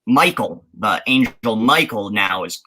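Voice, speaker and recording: A man's voice: lowish voice, animated, measured pace, pushed and bright, breathy edge, poor audio. A man from the United States co-hosting a podcast in casual chat, rambling with many restarts and fillers. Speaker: podcast co-host.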